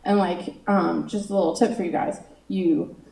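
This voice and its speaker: A woman's voice: on the low side, steady tone, normal speed, vocal fry, warm tone, a little hiss or hum. A woman doing a stand-up comedy set, chatty and self-mocking, full of "you know" asides. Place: comedy stage in a room. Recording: roomy sound from far off.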